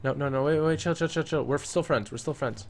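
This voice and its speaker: A man narrating his own gameplay in a joking, casual way, his voice sitting a touch higher than most men's. He gets excitable fast and breaks into loud yelling when things go wrong in the game. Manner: playful, jokey. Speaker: gaming YouTuber. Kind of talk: let's-play commentary.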